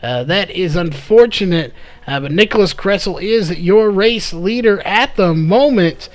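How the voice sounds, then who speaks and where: Man, race play-by-play commentator, slightly hoarse, high-pitched, fillers between names. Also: animated. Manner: rapid play-by-play with frequent "uh" fillers. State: slightly hoarse, losing his voice.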